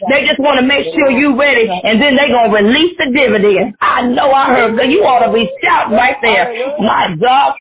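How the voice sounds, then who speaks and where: A woman minister prophesying on a prayer line, shouting and tearful as she preaches. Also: sits high, moderate pace, few pauses, crowd noise. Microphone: phone call. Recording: tinny phone line.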